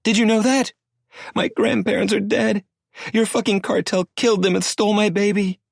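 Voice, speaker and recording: A man voicing a fierce, grieving young woman in an audiobook, pushing his voice high and strained. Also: brisk, no echo, clean studio sound, close to an everyday voice. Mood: screaming, furious. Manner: high-pitched, strained and shouting at peaks. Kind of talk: audiobook character voice.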